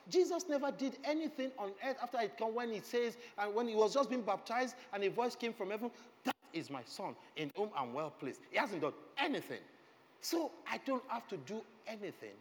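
Middle-aged man, passionate preacher, bright and animated, echoing hall. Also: high voice, slight background noise. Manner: passionate, swings from soft to loud exclamations. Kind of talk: sermon. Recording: long hall reverb, faint ambience.

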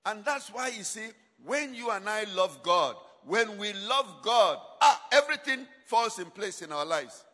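Male preacher, high bright voice, call-and-response sermon in a long-reverb hall. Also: sing-song, a little slow, hardly any pauses. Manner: call-and-response questions to congregation; emphatic, dramatic shifts in volume.

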